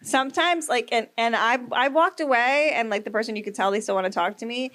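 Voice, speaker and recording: A woman's voice: a little high, fairly quick, a bit bright. Woman comedian as podcast host: chatty, swears freely, loose conversational storytelling. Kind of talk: casual chat.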